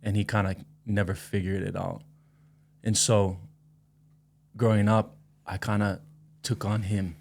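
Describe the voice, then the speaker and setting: A man in his thirties, a musician guest on a podcast, speaking in a relaxed, reflective, slangy way. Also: on the low side, unhurried, gravelly, long pauses. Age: 30s. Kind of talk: casual interview chat.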